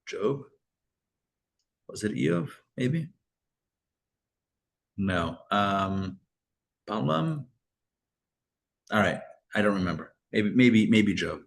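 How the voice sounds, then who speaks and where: A man's voice: fairly low pitch, animated, drawn-out words, gravelly, long pauses. A man teaching a live Torah class as a rabbi, chatty and full of fillers and restarts, with joking asides.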